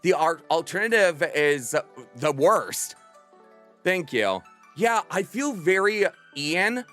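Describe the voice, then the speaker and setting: A man's voice: high-pitched, sing-song, slow pace, a bit bright, faint music behind. A man in his thirties chatting casually with viewers on a livestream, bubbly and theatrical. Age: 30s. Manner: bubbly and theatrical, bursts into playful screams.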